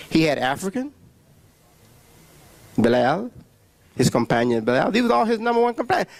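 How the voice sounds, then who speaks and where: A man giving a preaching religious lecture, emphatic, with long pauses and repeated words. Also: high-pitched, vocal fry, no room sound. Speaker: religious speaker.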